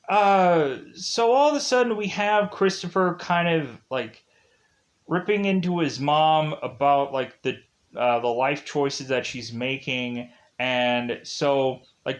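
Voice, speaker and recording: A man reviewing a TV series in a casual, rambling recap, packed with "like" and "uh" and chuckling at the plot. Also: on the high side. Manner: rambling, leans heavily on "like" and "uh"; laughs at the plot while recapping. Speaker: TV show reviewer.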